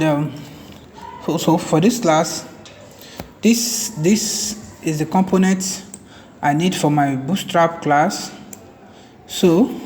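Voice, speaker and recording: Slow guy doing a coding tutorial, kinda high voice, repeats himself a lot, echoey room w some faint hum. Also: a little mellow. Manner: slow, repeats and restarts words while typing. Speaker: web development tutor. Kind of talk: screen-recorded coding tutorial. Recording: reverberant room with faint ambient noise.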